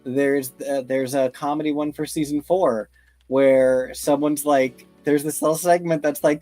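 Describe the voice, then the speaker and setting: A man's voice: a little high, fairly even intonation, unhurried, mellow, no echo, soft background music. Dry, wry male podcast co-host. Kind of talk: casual chat.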